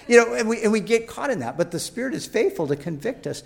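A man's voice: high-pitched, expressive, quick pace, creaky. A man preaching a sermon in a conversational way, acting out prayers and inner dialogue. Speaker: pastor.

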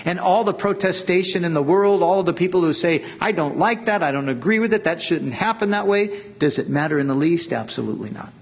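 A middle-aged man preaching a sermon, earnest and emphatic, drawing out key words with long pauses. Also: high voice. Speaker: pastor.

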